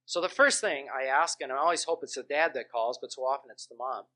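A man's voice: mid-range voice, quick pace, bright, forceful tone. A man who is a Christian minister and counselor, preaching with testimonies in an earnest storytelling way and leaning hard on key words. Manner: earnest storytelling with emphatic stresses.

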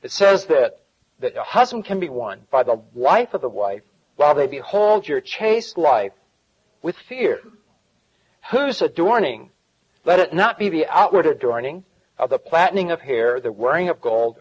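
Lively man preaching a folksy sermon. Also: fairly high pitch, normal speed, breathy edge, highs cut off. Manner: folksy preaching with asides and chuckles. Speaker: pastor.

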